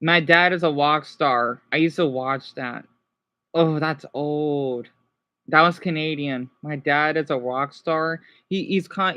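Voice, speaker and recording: Answering viewers during a relaxed livestream, this male YouTuber speaks in a high voice. His talk is rambling and excitable, full of restarts and exclamations.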